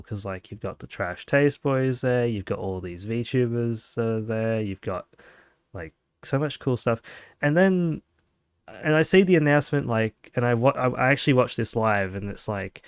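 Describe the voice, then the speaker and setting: Laid-back young man, smooth low voice. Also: moderate pace, dry recording. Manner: rambling, laid-back, many fillers. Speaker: podcast host. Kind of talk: casual chat.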